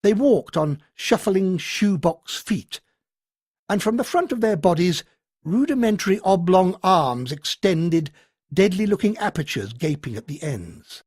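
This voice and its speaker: A man narrating a science fiction audiobook in a dramatic, expressive storytelling manner. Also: sits high, a little slow, breathy edge, no room sound, clean studio sound. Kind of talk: scripted narration.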